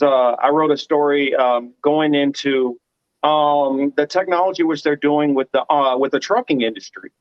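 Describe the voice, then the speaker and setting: A man's voice: mid-range voice, no echo, lo-fi sound. A man hosting a casual online panel chat, rambling with lots of fillers and restarts. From United States. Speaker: podcast host.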